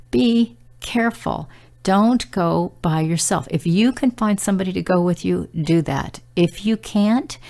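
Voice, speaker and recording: A woman's voice: fairly low pitch, gravelly, darkish tone. A middle-aged woman sharing a devotional message in an earnest, conversational way, telling stories with frequent fillers. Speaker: Christian prophetic speaker.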